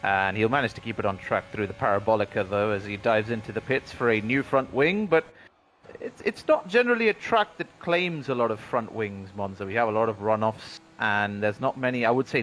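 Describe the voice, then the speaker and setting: A man's voice: medium pitch, fairly bright tone, slight background noise. Man calling a sim race qualifying. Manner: measured, analytical play-by-play. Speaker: sim racing commentator. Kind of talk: race commentary.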